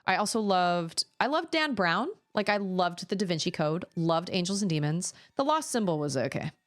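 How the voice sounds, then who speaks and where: A woman's voice: fairly low pitch, moderate pace. A woman streamer chatting casually and rambling about the books she loves. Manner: chatty, rambling, animated when telling stories. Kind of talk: casual chat.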